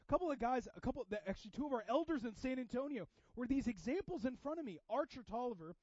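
A man preaches with a high, lively voice, pushing some lines hard and dropping others to a hush. The recording is dry and a little dull. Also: quick pace, hardly any pauses, dry recording. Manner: animated, swings from loud emphasis to quiet intensity. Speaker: pastor. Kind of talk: sermon.

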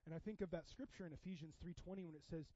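High-voiced guy preaching, gets quiet then loud and fired up, dry dull sound. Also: rapid-fire, no room sound. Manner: impassioned, swings from hushed to loud. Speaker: pastor. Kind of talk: sermon.

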